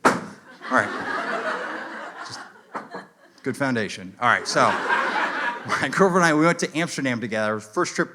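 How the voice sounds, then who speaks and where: A man doing a stand-up comedy set, telling stories in an animated way and acting out people in mock French. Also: mid-range voice, moderate pace, pauses often. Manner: animated storytelling, acts out characters in mock French. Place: comedy venue with a live audience. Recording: live crowd laughter and room noise. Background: audience laughing.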